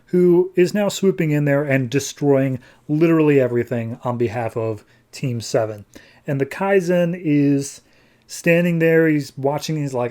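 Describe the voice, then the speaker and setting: A man's voice: fairly high pitch, warm tone. Chatty man recapping a comic. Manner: chatty, loose, filler-heavy summarizing. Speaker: podcast host. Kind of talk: casual comic book review.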